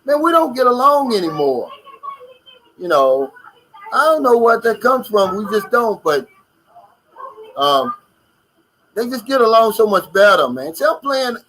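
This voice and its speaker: A man's voice: very high voice, sing-song, a little slow, long pauses, sharp tone, low-quality recording. An American man hosting a casual live stream, reading out viewer comments and chatting about them. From United States.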